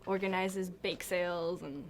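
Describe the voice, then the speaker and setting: A teenage girl in a school farewell interview, talking quickly and quietly with giggles. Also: fairly low pitch, fairly even intonation. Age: teens. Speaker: student interviewee.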